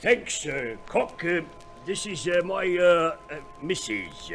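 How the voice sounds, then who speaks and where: A man's voice: a little high, sing-song, slow pace, fairly bright tone, slight background noise, full character voice. An actor playing a pompous older colonel in an old radio play, plummy and stammering through his lines. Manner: plummy, hesitant, full of ums. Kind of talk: 1950s radio play acting.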